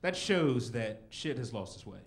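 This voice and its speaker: A man's voice: mid-range voice, very animated, normal speed. Self-mocking young man doing stand-up. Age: 20s. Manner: rambling, self-mocking, with frequent "you know" and "like". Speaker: stand-up comedian. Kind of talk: stand-up comedy set. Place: comedy club stage.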